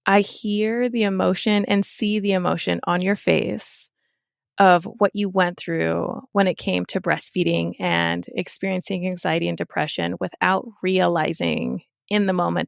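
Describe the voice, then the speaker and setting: Gravelly-voiced woman podcast host. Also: fairly low pitch, no echo, studio quality. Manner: attentive, affirming listener. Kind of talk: interviewing.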